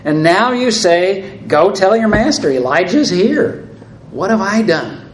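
A man's voice: a little high, measured pace, echoey room, a little hiss or hum, voice pushed up, close to an everyday voice, low-quality recording. A man reading the part of a frightened male royal steward who pleads urgently, his voice raised and emphatic. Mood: pleading.

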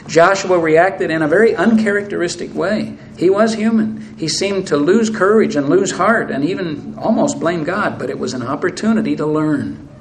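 A man's voice: sits high, moderate pace, a little hiss or hum, poor audio. Earnest man preaching a sermon. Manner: earnest, reads scripture aloud with rising intensity.

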